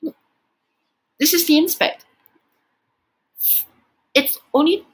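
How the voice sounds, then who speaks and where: Exasperated, swearing high-voiced man. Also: expressive, pushed and bright, rough recording. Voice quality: exasperated, swearing often, rapid pitch jumps. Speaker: reaction video host. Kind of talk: profane reaction commentary.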